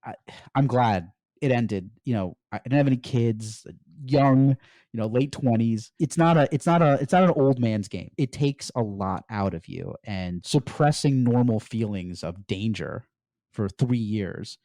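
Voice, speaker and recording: A middle-aged man from the United States, a podcast guest recounting his story in an animated way and often saying "like". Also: mid-range voice, measured pace, no echo, clean studio sound. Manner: animated storyteller, peppers speech with "like". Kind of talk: storytelling interview.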